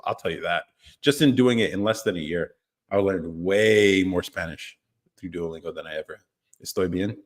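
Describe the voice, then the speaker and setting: A man hosting a live stream, chatting casually with viewers, reading their comments and chuckling often. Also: on the low side. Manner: laid-back, chuckles often, trails off. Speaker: livestream host.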